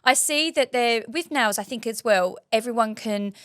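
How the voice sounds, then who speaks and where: A woman's voice: on the high side, normal speed, a bit bright, clear, resonant tone, dry recording, clean studio sound. A woman hosting a casual chat as a waxing trainer, talking in a chatty, gushing way with many restarts.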